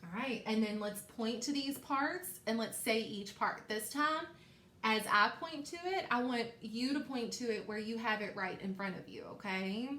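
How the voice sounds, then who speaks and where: A woman's voice: a little high, a bit bright. Encouraging woman teaching children phonics. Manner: slow, encouraging, repeats sounds for kids to echo. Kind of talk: recorded phonics lesson for young children.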